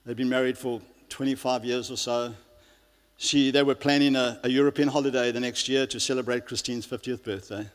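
A man's voice: medium pitch, fairly even intonation, brisk. Man preaching in a reverberant hall. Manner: earnest preaching, many restarts and fillers. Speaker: pastor. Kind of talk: sermon. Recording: long reverb of a large hall.

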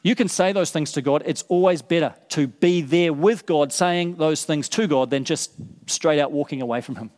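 Male pastor, sermon delivery, earnest and repetitive for emphasis, somewhat high pitch, reverberant hall. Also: moderate pace, darkish tone. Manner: earnest, repeats words for emphasis.

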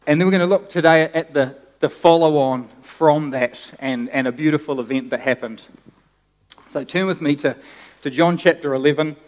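Animated male preacher in a hall. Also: on the high side, moderate pace. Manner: animated, conversational preaching with restarts. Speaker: pastor. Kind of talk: sermon.

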